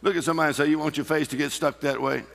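A man's voice: on the high side, steady tone, racing, creaky, noisy background. A man preaching a sermon in a church, emphatic and laughing often as he calls out to the congregation. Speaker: pastor. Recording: reverberant hall.

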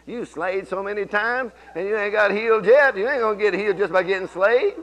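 A pastor delivers a sermon in church, spinning folksy stories and swinging from low murmurs up to shouted declarations. He talks fast, with hardly any pauses.

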